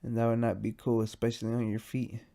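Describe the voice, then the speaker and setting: Stoned, gravelly man rambling on his podcast. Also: medium pitch, monotone, quick pace, dark tone. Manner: rambling, profane and self-mocking. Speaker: podcast host. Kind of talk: casual solo podcast monologue.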